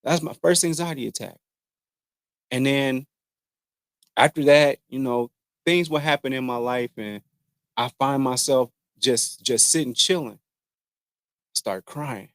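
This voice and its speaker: A man's voice: mid-range voice, dry recording. Earnest man talking frankly, dry sound. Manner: earnest, frank, halting with many restarts; slangy, conversational, addresses viewers directly. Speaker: vlogger. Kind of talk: candid personal talk to camera.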